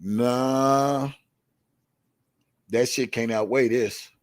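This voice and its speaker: A male show host delivers a heated, cursing rant straight into a dry, close sound with no room echo. His pitch sits in an ordinary middle range for a man. He hammers key words by repeating them. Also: fairly even intonation, very slow. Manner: blunt, profane, confrontational.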